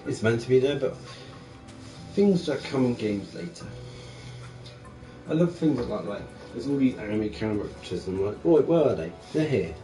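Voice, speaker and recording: A young man chatting casually and profanely about video games, rambling and animated. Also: medium pitch, moderate pace, pauses often, soft background music, poor audio. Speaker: gaming channel streamer.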